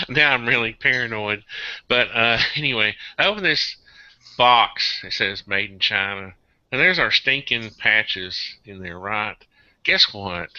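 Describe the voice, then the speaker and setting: Man hosting a video call, tired, rambling, excitable, very bright voice, low pitch, dry lo-fi sound. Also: slow, pauses often, no room sound. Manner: excitable, rambling, swings into high-pitched outbursts. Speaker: host of an online hangout. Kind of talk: casual group video chat.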